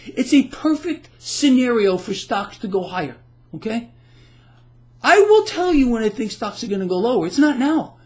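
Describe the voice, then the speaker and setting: A man's voice: very high-pitched, big pitch swings, moderate pace. A man delivering heated solo market commentary, agitated and emphatic, often repeating himself as he rants.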